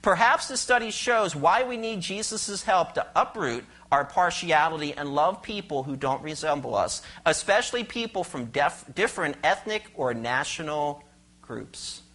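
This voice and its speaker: A pastor preaching a sermon, expressive and questioning the congregation, explaining scripture verse by verse. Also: medium pitch, moderate pace. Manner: explains Greek words and cites verses.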